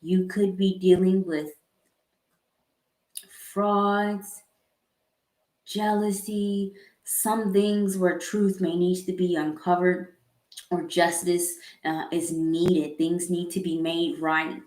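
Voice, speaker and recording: A woman giving a live tarot reading in a slow, earnest, halting way, with sighs and repeated words. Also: fairly low pitch, little pitch movement, darkish tone. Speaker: tarot reader. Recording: echoey room.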